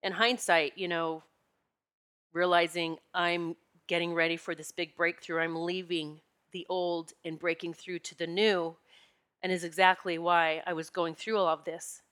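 Woman host, bright and candid, spiritual storyteller, animated and emotional. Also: on the low side, measured pace. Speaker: podcast host and retreat leader. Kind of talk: personal spiritual talk to listeners. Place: Pennsylvania home.

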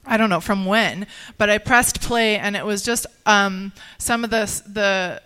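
A woman sharing a personal faith testimony in conversation, earnest and halting, with many restarts. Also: medium pitch, sharp tone, clear, resonant tone.

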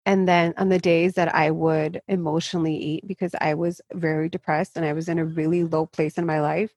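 Frank, low-voiced woman fitness coach. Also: flat delivery, darkish tone, no echo. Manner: frank, emphatic, speaks in rushes. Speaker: fitness coach and interview guest. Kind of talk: candid interview talk.

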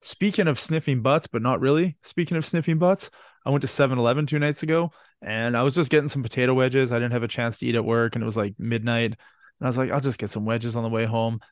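A man's voice: medium pitch, fast, no room sound, studio quality. Man telling rambling stories. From Canada. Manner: rambling, profane storytelling. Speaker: podcast co-host. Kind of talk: casual chat.

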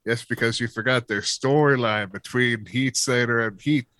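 A man's voice: mid-range voice, normal speed, a bit bright, no echo. A man co-hosting a casual podcast chat in a matter-of-fact, terse way. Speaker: podcast co-host.

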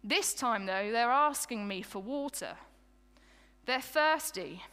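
Woman preacher doing Moses as an exhausted, pleading leader; bright tone, reverberant room. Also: on the high side, lively intonation, slow pace, clear, resonant tone, exaggerated voice. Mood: weary. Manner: first-person storytelling, exasperated and pleading. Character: Moses, weary exasperated male leader of a grumbling people.

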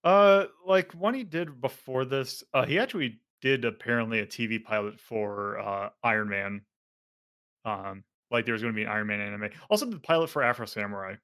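A man's voice: mid-range voice, a little fast, a bit bright. A man hosting a casual podcast, rambling with lots of fillers and self-corrections. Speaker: podcast host.

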